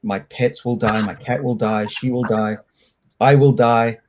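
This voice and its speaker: A middle-aged man from Australia, a scientist answering interview questions in a candid, reflective, loose and halting way. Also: mid-range voice, fairly even intonation, noisy background. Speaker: scientist guest.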